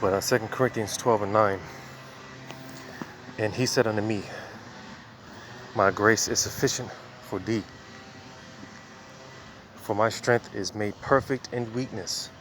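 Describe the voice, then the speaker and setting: A man's voice: on the low side, fairly even intonation, a little slow, long pauses, background noise. A man preaching casually outdoors while walking, a little out of breath, in a loose conversational way full of fillers.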